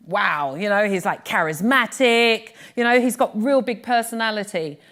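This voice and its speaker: A middle-aged British woman giving a live workshop talk on pitching, chatty and lively, teasing her audience. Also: moderate pace. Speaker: business speaking coach. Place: workshop room before an audience.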